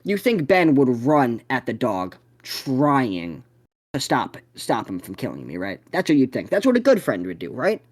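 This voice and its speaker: A young man hosting a podcast, telling a story in a profane, excitable way. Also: medium pitch, moderate pace. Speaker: podcast host.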